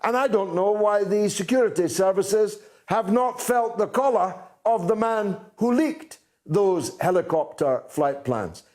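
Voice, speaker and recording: A man hosting a talk show, delivering a political monologue in a fairly high voice. He speaks slowly and deliberately, leaning hard on key words and pausing often with "uh" as he builds his points. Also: lively intonation, a little mellow. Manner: deliberate, emphatic, with frequent "uh" pauses.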